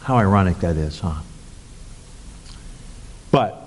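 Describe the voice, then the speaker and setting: A man preaching a sermon as a pastor, halting with many fillers and restarts. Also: animated. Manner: acts out quoted lines with raised pitch. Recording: long hall reverb.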